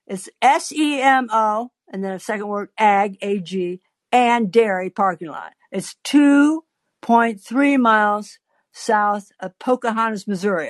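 An older woman hosts her show as an advice columnist, telling a long story to her listeners with wry asides. She speaks slowly, her pitch swooping up and down with lively expression. The sound is dry and close. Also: dry recording. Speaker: advice columnist and podcast host.

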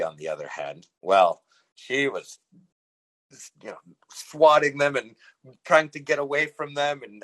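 A man's voice: mid-range voice, a bit bright, rough recording. A middle-aged man from Canada telling a personal story as a podcast host, rambling with many fillers and chuckling as he goes. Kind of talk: casual storytelling.

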